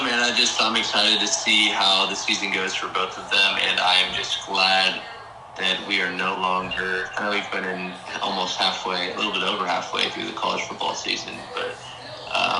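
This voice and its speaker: A man's voice: sits low, vocal fry, echoey room, noisy background. A man chatting casually as a podcast guest in an easygoing, rambling way. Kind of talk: casual chat.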